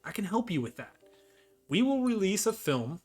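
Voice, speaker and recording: A man's voice: high voice, very animated, normal speed, a little mellow, faint music behind, pitched above the performer's own voice. A man voicing a foul-mouthed adult Irish mobster in tough gangster talk, with a put-on mix of New York and Irish accent. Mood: brash persuasive. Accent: mixed put-on gangster New York and Irish.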